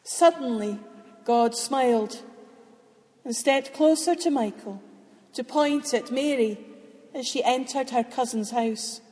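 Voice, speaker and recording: A woman reading a storybook aloud, expressive and lightly voicing the characters. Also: fairly high pitch, slow. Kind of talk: storybook read-aloud narration. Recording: long hall reverb.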